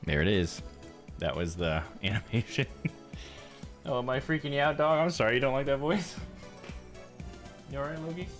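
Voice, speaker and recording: A man's voice: mid-range voice, expressive, normal speed, long pauses, a bit bright, faint music behind. A man streaming a game live, chatting in a laid-back way, laughing and talking to his dog. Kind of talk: live game playthrough with read-aloud dialogue.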